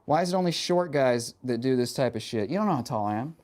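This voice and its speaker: A man live-streaming in casual chat, answering viewers in a rambling, profane way full of fillers, and getting animated when he rants. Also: medium pitch, fast talker. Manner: animated and passionate when ranting.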